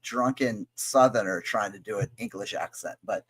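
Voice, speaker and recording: A man's voice: on the low side, normal speed, fairly bright tone, husky. A man co-hosting a casual album-review chat show, talking in an enthusiastic, rambling and crude way. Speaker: podcast co-host.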